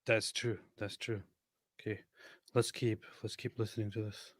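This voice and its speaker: A man's voice: lowish voice, normal speed, dry recording, clean studio sound. A man hosting a livestream, chatting casually and mocking a clip with frequent laughs. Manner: mocking, laughs often, relaxed. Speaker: livestream host. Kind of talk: casual commentary chat.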